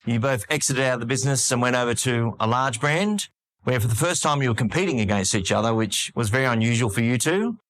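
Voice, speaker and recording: A man's voice: mid-range voice, fast talker, fairly bright tone. A man hosting a podcast interview, setting up his question with background before asking it. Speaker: host.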